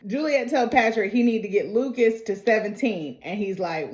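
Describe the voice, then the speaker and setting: A woman's voice: medium pitch, animated, moderate pace, few pauses, darkish tone. Chatty woman recapping TV in a roomy echo. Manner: chatty, slangy, retells scenes with quoted dialogue. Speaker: TV recap vlogger. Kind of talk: casual TV episode recap.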